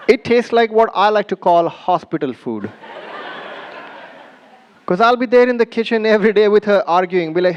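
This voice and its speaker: A man's voice: high voice, lively intonation, normal speed, long pauses, clear, resonant tone, muffled recording. A man doing a stand-up comedy set on a live stage, chatty and teasing the audience, acting out the lines he quotes.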